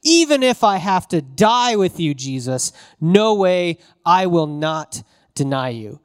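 A man's voice: a little high, moderate pace, lightly acted. A man voicing a cocky, boastful male disciple who talks in a swaggering, dismissive way. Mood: defiant.

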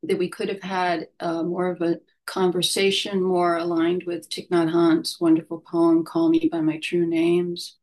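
Slow, soft-spoken woman telling a story. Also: fairly low pitch, flat delivery. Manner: slow, gentle and thoughtful, often dropping to a soft voice. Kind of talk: reflective personal storytelling.

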